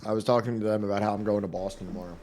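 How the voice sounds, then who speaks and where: Full of fillers and false starts, this New Jersey podcast host jokes around in casual chat before getting to a book. He talks very fast in a lowish, slightly mellow voice with fairly even intonation.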